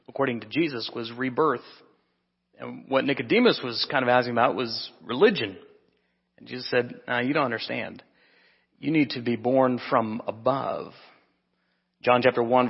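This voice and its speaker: A man's voice: mid-range voice, breathy edge. Man preaching a sermon in an echoey hall. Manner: conversational, with fillers and self-corrections. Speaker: pastor. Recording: muffled, reverberant church hall.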